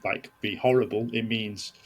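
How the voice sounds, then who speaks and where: A man hosting a podcast interview, thoughtful and a little halting as he frames his points. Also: on the low side, fairly even intonation, a little hiss or hum. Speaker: podcast host.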